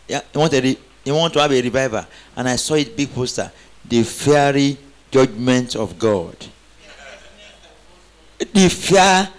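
A man preaching a sermon, calling on the congregation to answer back and rising into emphatic exclamations. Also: a little high. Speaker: pastor.

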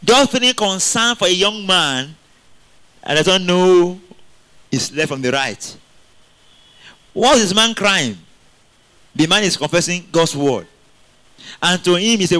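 A middle-aged man preaches a sermon, his voice bright and a little high for a man. He talks in an animated way, throws questions at the congregation and breaks into laughter often. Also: measured pace, long pauses.

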